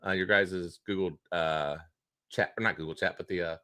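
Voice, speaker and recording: Deep voiced dude co-hosting a stream, rambles w lots of uhs, dry mic. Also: male voice, fairly even intonation, moderate pace, pushed and bright, no room sound. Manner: rambling, restarts with many uhs. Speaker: co-host. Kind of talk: casual chat on a live stream.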